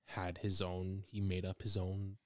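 A man's voice: deep voice, completely flat delivery, a little slow, no room sound, studio quality. A man co-hosting a podcast in casual chat, rambling and restarting as he tells stories. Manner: rambling, restarts often when telling stories. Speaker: podcast co-host.

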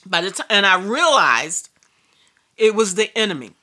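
A woman's voice: medium pitch, sharp tone. A woman preacher telling a personal story in a sermon, emphatic and repetitive. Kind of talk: sermon testimony.

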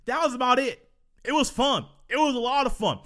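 A man's voice: very high voice, animated, brisk, fairly bright tone. A man hosting a solo sports podcast who tells stories in a casual, chatty way, laughing and repeating himself. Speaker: podcast host.

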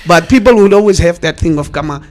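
Comedian guest with a Namibian accent, animated storyteller, voice on the higher side. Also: male voice, quick pace. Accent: Namibian English. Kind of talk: casual podcast chat.

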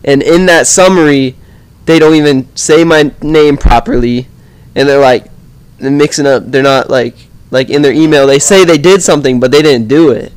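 A young man in casual chat, complaining in a rambling, halting way full of fillers. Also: fairly high pitch, clean tone.

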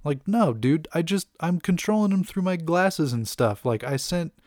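A man's voice: on the high side, animated, normal speed, darkish tone, dry recording, studio quality, pitched above the performer's own voice, close to an everyday voice. Tony Stark, as a man retells him, flippant inventor. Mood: defensive. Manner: offhand, dismissive slang. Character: flippant male genius inventor, casual.

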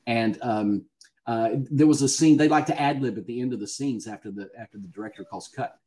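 Southern guy telling stories on a podcast, laughs a lot, regular pitch. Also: fairly quick, warm tone. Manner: chatty storyteller, laughs often. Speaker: guest actor. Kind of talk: casual podcast interview.

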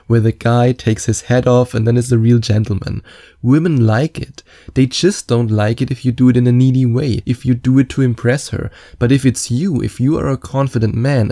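A man's voice: medium pitch, warm tone. A man speaking as a dating coach in a confident, candid and chatty advice monologue, with self-mocking asides.

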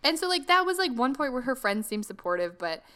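A woman's voice: high voice, big pitch swings, a little fast, sharp tone, clear, resonant tone. A woman co-hosting a podcast, chatting casually about a movie with lots of "like" fillers. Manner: chatty, many "like" fillers, acts out quotes. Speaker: podcast co-host. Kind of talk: casual chat recapping a movie.

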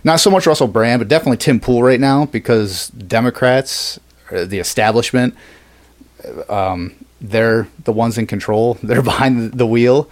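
A man's voice: medium pitch, moderate pace. Casual, profane male podcast host. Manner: loose and profane, acts out quotes.

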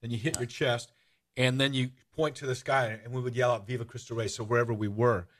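Chatting casually, this man hosts a podcast and eagerly spins a tale, often starting over and growing excited as he rambles. He talks slightly quickly at a medium pitch.

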